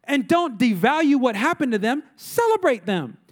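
Male pastor, middle-aged, high-pitched, animated sermon delivery with rhetorical questions. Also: normal speed. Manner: animated preaching, rhetorical questions, mimicking complainers.

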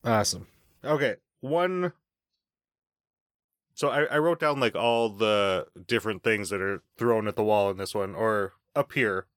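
A man's voice: fairly low pitch, a little slow, no room sound. Casual man chatting on a podcast, dry mic. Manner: animated, laughs often, swears casually. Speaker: podcast host.

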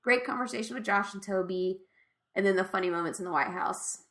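Speaking a little fast in a mid-range, fairly bright voice, a woman co-hosts a podcast recapping a TV episode. She's casual and excited as she retells the scenes she loved, laughing often.

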